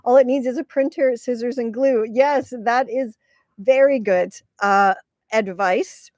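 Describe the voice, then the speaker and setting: A woman's voice: fairly high pitch, measured pace, a little mellow, dry recording. A woman hosting a casual livestream, chatty and rambling, laughing often and reading viewer comments aloud. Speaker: content creator hosting a livestream.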